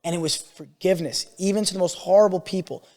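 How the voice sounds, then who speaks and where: A man's voice: high voice, fast, darkish tone, in a large hall. A man co-hosting a podcast, telling stories animatedly and swearing freely in casual chat. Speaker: podcast co-host.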